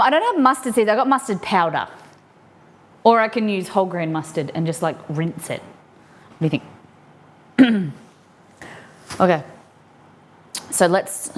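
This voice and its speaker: An Australian woman streaming live as she cooks at home, chatting to herself and her ingredients and breaking into excited squeals. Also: mid-range voice. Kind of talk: casual live-stream cooking chat. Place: home kitchen.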